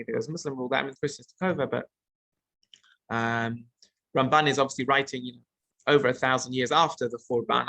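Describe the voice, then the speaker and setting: Bright-voiced man teaching a text class. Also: mid-range voice, no echo. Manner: translates Hebrew phrases as he goes, many restarts. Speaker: Torah teacher.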